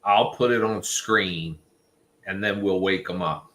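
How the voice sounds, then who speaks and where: A man's voice: low-pitched, measured pace, a bit bright. A man hosting a casual livestream chat, teasing and joking with his viewers. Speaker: livestream host.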